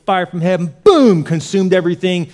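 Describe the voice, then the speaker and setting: A male pastor preaching a sermon in an animated way, swinging from loud punches to hushed near-whispers. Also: high-pitched, normal speed.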